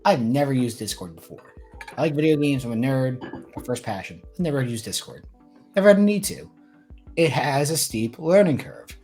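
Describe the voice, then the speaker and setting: A man's voice: medium pitch, moderate pace, faint music behind. Twenty-something guy ranting bluntly on a podcast, swears a lot, voice all over the place. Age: 20s. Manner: blunt, swears, animated storytelling. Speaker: podcast co-host. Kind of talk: casual chat.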